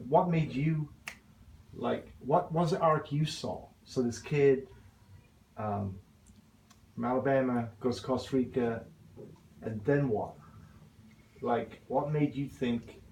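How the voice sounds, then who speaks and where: A man's voice: mid-range voice, darkish tone, a little hiss or hum. A man in the audience at a bookstore reading, asking loose, rambling questions full of fillers. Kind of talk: casual chat. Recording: roomy distant live recording.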